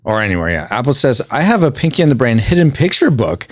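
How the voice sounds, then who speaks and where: A man's voice: mid-range voice, big pitch swings, fast. A man hosting a podcast, chatting casually while playing a video game and reading out chat messages. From California and Colorado. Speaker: podcast host.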